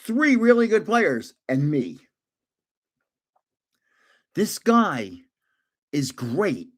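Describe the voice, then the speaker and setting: Man in his 70s, livestream storyteller, animated pitch, slightly high voice, laughs a lot. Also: extremely slow. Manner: animated, laughs often, restarts. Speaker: livestream host. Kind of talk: casual storytelling.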